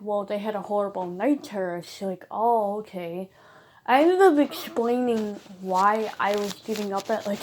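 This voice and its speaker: A woman's voice: medium pitch, a little hiss or hum. A young woman casually telling a rambling personal story in a vlog, chatty and emphatic, with lots of fillers. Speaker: bird owner vlogger.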